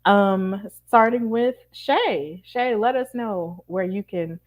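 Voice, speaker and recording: A woman host closes out a casual wrestling talk show with a relaxed delivery, and her speech is full of fillers. Her voice sits at an ordinary middle pitch. She sounds easygoing as she lists upcoming matches and thanks viewers. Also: takes it slowly. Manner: relaxed, uses many fillers.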